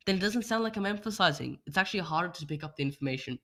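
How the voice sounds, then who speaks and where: A young man runs a workshop over an online call, using rhetorical questions to explain speech practice and showing how a voice can change. His voice sits on the high side and sounds gravelly and sharp, and he talks expressively at a rapid-fire pace with hardly a pause. He's recorded on a computer microphone, no webcam.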